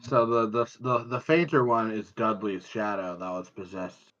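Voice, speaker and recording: Player, male, lowish voice, deadpan asides, muffled lo-fi recording. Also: moderate pace. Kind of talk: casual chat while playing a tabletop game. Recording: dull lo-fi mic.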